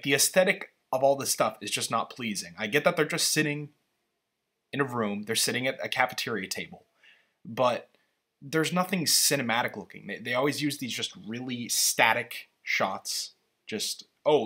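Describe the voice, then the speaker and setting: A man's voice: medium pitch, a bit bright, husky. A man giving casual, rambling, opinionated commentary while reacting to a movie trailer.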